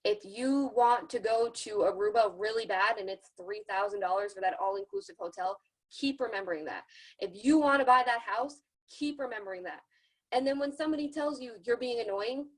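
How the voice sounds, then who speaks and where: A woman with a fairly high voice leads a team training over a video call. She talks in a loose, chatty way and keeps her listeners motivated. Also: fairly quick, rough recording. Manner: chatty, encouraging, acts out other people's lines. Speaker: team leader giving a sales training. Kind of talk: casual motivational training talk.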